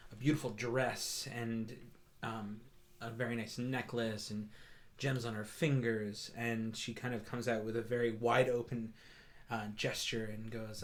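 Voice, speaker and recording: A man running a tabletop game as game master, describing scenes at length with frequent hesitations. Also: medium pitch. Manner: descriptive, many fillers and restarts.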